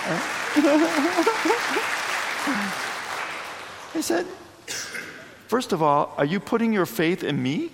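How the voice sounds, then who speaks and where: Guy preaching sunday sermon, chatty and animated, lots of asides, echoey church. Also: sits high, slow pace, creaky, long pauses, crowd noise, noisy background. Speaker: priest.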